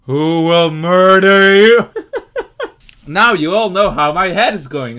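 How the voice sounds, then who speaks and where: A woman playing a video game with commentary, loud and giggly, shouting and laughing often. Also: lowish voice, slow pace. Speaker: gamer.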